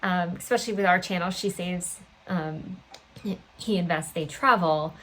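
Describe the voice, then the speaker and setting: A woman's voice: lowish voice, a bit bright, rough recording. Upbeat woman podcast host. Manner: upbeat, chatty, quick to laugh. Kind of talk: casual interview.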